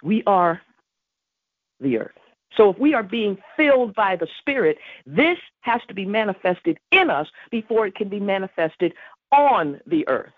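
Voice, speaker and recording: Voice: mid-range voice, very animated, unhurried, no echo. A podcast host giving an emphatic devotional teaching on prayer, repeating key phrases. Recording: tinny phone-like dry recording.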